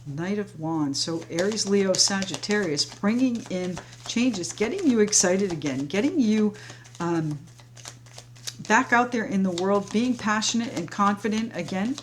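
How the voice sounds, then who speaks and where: A woman's voice: medium pitch, animated, measured pace. A woman doing a tarot reading, talking in a flowing, reassuring way straight to her viewers as friends. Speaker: tarot reader. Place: home, sage burning nearby.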